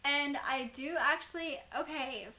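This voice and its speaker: Young female streamer, casual chatty delivery with fillers, unhurried pace, bright tone. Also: sits high. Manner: chatty, rambling, many fillers and laughs. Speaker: live streamer. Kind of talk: casual chat with live chat viewers.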